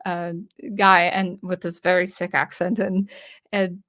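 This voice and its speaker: A woman's voice: lowish voice, flat delivery, measured pace, a bit bright. A woman hosting her channel, casually recounting a personal story with frequent restarts, asides and acted-out dialogue. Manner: acts out remembered dialogue with shifts in tone. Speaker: electronic music composer and channel host.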